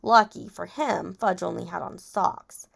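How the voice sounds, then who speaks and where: A woman's voice: on the low side, a little slow, creaky, fairly bright tone, breathy edge. A woman teacher reading a chapter book aloud to children, stopping to ask and explain vocabulary words.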